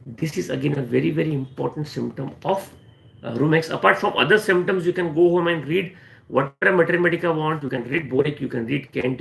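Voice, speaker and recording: An Indian man gives a live online lesson on remedies. His slightly high voice carries a gravelly edge, and he often stops on "you know" and says his points twice. The sound is echoey, like a bare room. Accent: Indian English. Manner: repeats key phrases, frequent "you know" fillers. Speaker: homeopathy doctor. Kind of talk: live-stream teaching Q&A.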